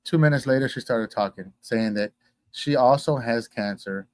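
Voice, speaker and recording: A man's voice: mid-range voice, normal speed, dry recording. Texas guy telling a story on a podcast, acts out the quotes, dry close sound. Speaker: guest. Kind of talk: casual storytelling.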